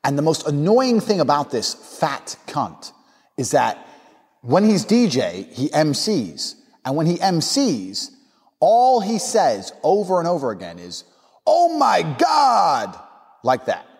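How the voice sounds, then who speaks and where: Crude, lively storytelling man. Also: fairly high pitch, a little slow, long reverb tail. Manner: crude, blunt storytelling with lively vocal impressions. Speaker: podcast host. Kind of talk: casual anecdote.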